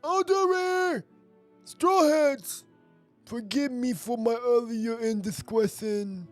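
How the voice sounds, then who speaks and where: A man's voice: very high-pitched, slow, dry recording, soft background music, pitched above the performer's own voice. A man voicing an overexcited, masochistic giant in a theatrical, breathless way. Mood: giddy.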